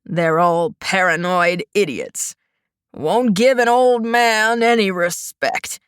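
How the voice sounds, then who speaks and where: A woman's voice: medium pitch, takes it slowly, clean tone, no room sound, studio quality, lightly acted. A woman voicing a creepy old grandfather with a wheezing, rattly voice and a wheedling, grumbling manner.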